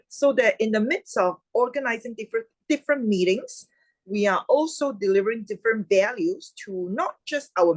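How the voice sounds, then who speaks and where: A woman hosting an online club meeting over a video call, chatty and quick to laugh. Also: medium pitch, slightly rough, no echo, low-quality recording. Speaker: meeting host.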